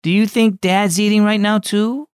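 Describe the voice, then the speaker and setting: A man's voice: high voice, fairly even intonation, normal speed, smooth, no room sound, clean studio sound, voice pushed up, natural voice. A man voicing a sad, wondering little girl. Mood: wistful. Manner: soft, wondering questions. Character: sad young girl, gentle and questioning.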